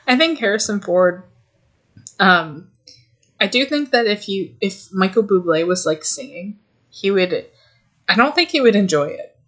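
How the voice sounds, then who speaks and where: A young woman chatting on a podcast with her co-host, laughing often and swearing freely as she rambles through silly ideas. Her pitch sits in the middle of the range, and her voice sounds loose and unpolished. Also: expressive, unhurried, pauses often. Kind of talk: casual chat.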